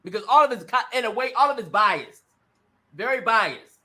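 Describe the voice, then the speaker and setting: A man with a strikingly high, bright voice hosts an opinion talk show. He swings his pitch around a lot, acting out little scenes and calling out to the ladies and gentlemen listening. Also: moderate pace. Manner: animated and emphatic, acts out little scenes.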